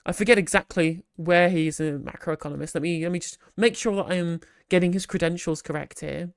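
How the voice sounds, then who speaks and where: A live stream host in casual commentary, rambling and animated, with frequent restarts and sarcastic asides, on a close microphone. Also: medium pitch, fairly quick, no room sound.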